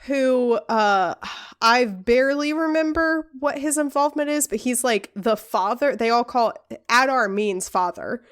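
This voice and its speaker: A woman hosting a podcast in casual chat, chatty and quick to laugh, a little tipsy. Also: a little high, expressive, smooth. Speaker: podcast host.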